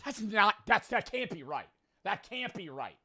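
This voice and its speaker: A young man in his twenties giving excitable live commentary as he plays a game, muttering low and then shouting, swearing freely. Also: a little slow. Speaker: gaming streamer. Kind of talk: live gaming commentary to chat.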